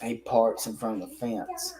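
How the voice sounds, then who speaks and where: A man's voice: mid-range voice, wildly swooping pitch, moderate pace, mellow, poor audio. A man telling a story in a casual podcast chat, talking bluntly with a lot of swearing. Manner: rough, informal speech. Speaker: guest telling stories from law enforcement work.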